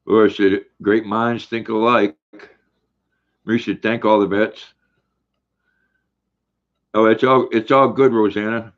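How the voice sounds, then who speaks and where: This older host talks slowly with long pauses, his fairly low voice keeping a fairly even intonation. He reads viewer comments aloud in a folksy way while eating on a casual livestream. The audio is dull lo-fi stream sound.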